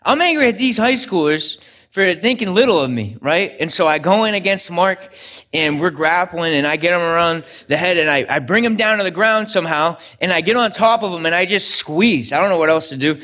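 Earnest young pastor telling a story. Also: male voice, high-pitched, lively intonation, brisk, bright, forceful tone. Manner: earnest storytelling, frequent restarts. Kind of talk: sermon.

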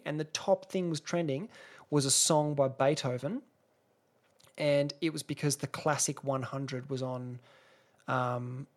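A young Australian man hosting a solo podcast, rambling and sarcastic, swearing freely and restarting his sentences. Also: medium pitch. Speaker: podcast host. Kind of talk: casual solo podcast rant.

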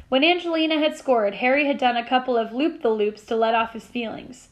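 A woman teacher reading a novel aloud to her class with expressive storytelling. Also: fairly high pitch, brisk, hardly any pauses, dull audio.

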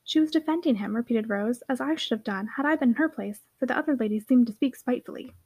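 A woman's voice: on the high side, fast, darkish tone, no echo, dull audio. A woman voicing a serious little girl who speaks earnestly and steadily.

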